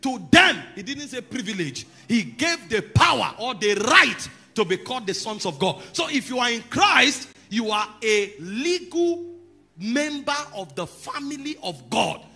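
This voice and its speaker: A man preaching a sermon, teaching calmly, then rising to loud, emphatic declarations over soft background music. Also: very high voice, a little slow, slightly rough.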